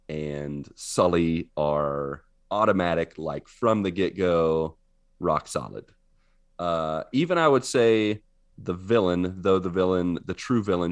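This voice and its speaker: A man with a very low, deep voice co-hosting a casual podcast chat. He tells his stories with animation and laughs often. The sound is close and dry, with no room around it. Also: no echo. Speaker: podcast co-host.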